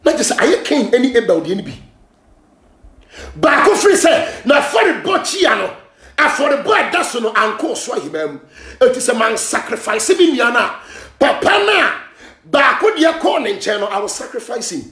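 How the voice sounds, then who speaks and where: A Ghanaian man hosting a gossip show, ranting and scolding in heated commentary, often shouting, switching between Twi and English. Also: very high voice, big pitch swings, moderate pace, echoey room.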